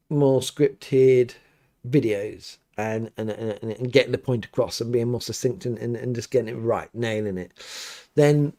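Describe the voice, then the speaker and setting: A man's voice: mid-range voice, a little mellow. A middle-aged man, a priest hosting a live question-and-answer stream from his home studio, talks casually and rambles with many restarts and fillers.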